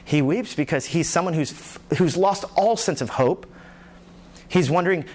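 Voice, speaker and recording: A man preaching a sermon as pastor, animated, acting out the voices in the scripture he tells. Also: a little high, a little slow. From New York.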